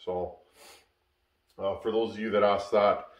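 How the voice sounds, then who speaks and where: A Canadian man with a fairly low, slightly slow voice hosts a chainsaw repair channel from his workshop. Worn out after a long work week, he keeps things relaxed, rambling through casual shop chat with plenty of "uh" fillers. The workshop gives the recording an echo.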